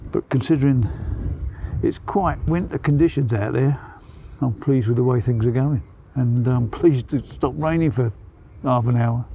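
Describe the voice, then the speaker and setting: Mellow-voiced man narrating a fishing vlog. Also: medium pitch, moderate pace, vocal fry, muffled recording, slight background noise. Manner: relaxed, chatty, pleased. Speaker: angler vlogger. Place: outdoors at a lake.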